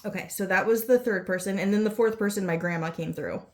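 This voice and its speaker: A woman's voice: medium pitch, fast talker. Rambling unsure woman psychic. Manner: rambling and unsure, many fillers and self-corrections. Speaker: psychic reader. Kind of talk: casual spoken channelling reading.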